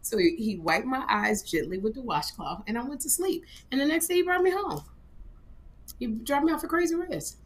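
A woman's voice: on the high side, lively intonation, moderate pace. A middle-aged woman co-hosting a comedy livestream, telling a story with dramatic flair. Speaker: comedy show co-host. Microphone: livestream microphone.

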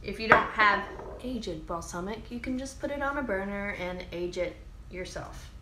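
A woman hosting a casual cooking demo, chatty and excitable, calling her viewers y'all. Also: medium pitch, moderate pace, roomy sound, very noisy. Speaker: cooking show host.

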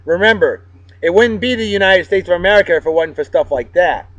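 A man hosts a casual vlog, upbeat and joking as he gives shout-outs to friends. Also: high voice, fairly quick, no echo. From Massachusetts. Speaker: vlog host. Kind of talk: casual chat. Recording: dull, dry sound.

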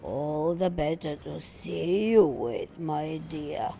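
A woman reading a storybook aloud, voicing a greedy, gruff male wolf who growls slowly. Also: sits low, dark tone, faint music behind, voice pushed down, heavily acted. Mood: sly. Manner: growling, slow and menacing.

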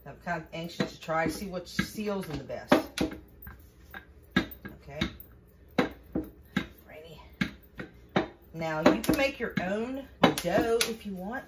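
A woman's voice: fairly low pitch, expressive, slow pace, pauses often. A woman gives a chatty, folksy home-cooking demonstration in her kitchen and talks to viewers as y'all. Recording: distant mic with faint background noise.

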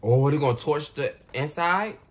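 A man giving casual, expressive commentary as he reacts out loud to a war movie. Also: on the high side, moderate pace, very noisy. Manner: expressive, talks back at the screen. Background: war film soundtrack playing.

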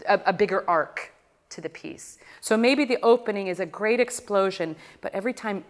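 Woman, voice teacher, master class coaching, animated, sings examples mid-sentence. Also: mid-range voice, moderate pace, big-room sound. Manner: animated, demonstrates by singing.

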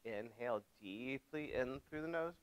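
A man teaching a yoga class, giving gentle step-by-step cues for breath and poses, playful with his young students. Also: mid-range voice, normal speed, smooth, poor audio. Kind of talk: guided yoga class instruction.

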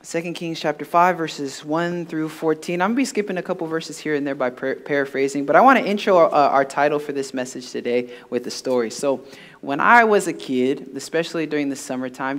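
A man preaching a sermon at a church service, telling stories in an animated way with frequent fillers. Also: a little high, a little fast. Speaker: pastor.

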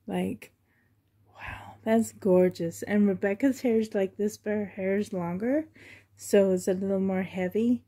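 A woman's voice: mid-range voice, steady tone, unhurried, dark tone. A woman vlogging as she unboxes a reborn doll, gushing fondly and often dropping to half-whispered asides. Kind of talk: unboxing vlog chat.

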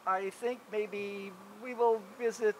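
A man's voice: high-pitched, fairly even intonation, slow, noisy background. A man voicing a big male grizzly bear in a told folk tale, hesitant and stammering with nerves. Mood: nervous.

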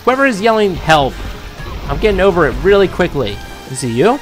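A man giving excitable let's-play commentary, riffing as he explores a video game, with sudden jumps in pitch. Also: fairly quick. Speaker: gaming YouTuber. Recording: game music behind.

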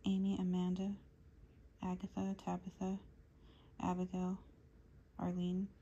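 Woman tarot reader, low flat hushed voice, rambling intuitive delivery, faint noise behind. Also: unhurried, muffled recording. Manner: rambling, listing names as they come. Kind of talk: channeled tarot reading to viewers.

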